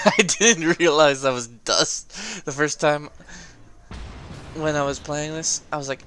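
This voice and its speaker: A man giving casual, excitable gameplay commentary, laughing often and swearing cheekily. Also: on the high side, slow pace, a little hiss or hum.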